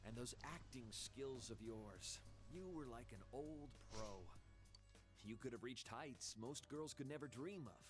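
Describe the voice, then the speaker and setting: A man playing a calm talent manager. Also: medium pitch, a little slow, over music, close to an everyday voice. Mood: persuasive. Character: smooth male talent manager, persuasive. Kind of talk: game voice acting.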